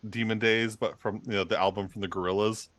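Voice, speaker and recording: A low-pitched man chatting casually before a tabletop game session. He sounds excitable and laughs often as he pitches ideas. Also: fast talker. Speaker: cast member. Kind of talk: casual chat.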